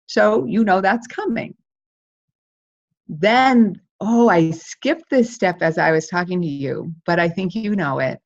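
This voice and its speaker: Woman, speaking coach, live workshop talk, animated and hands-on, lowish voice, dull lo-fi capture. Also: takes it slowly. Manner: animated, counts steps on her fingers.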